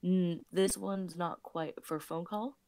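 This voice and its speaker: A woman co-hosting a casual live stream, soft-spoken and quick to laugh. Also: on the low side, steady tone. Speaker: co-host and story reader.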